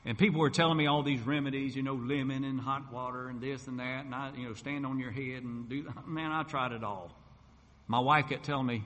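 A man's voice: medium pitch, brisk, a bit bright. A middle-aged man, a gospel singer and preacher, telling his personal testimony in a folksy storytelling way. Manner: folksy storytelling, acts out quoted voices. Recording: long hall reverb.

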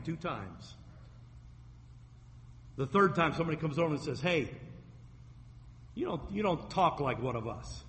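Storytelling preacher in a reverberant hall. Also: male voice, fairly high pitch, expressive, moderate pace, pauses often, a bit bright, a little hiss or hum. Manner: storytelling preacher, acts out quoted voices. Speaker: pastor. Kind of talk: sermon.

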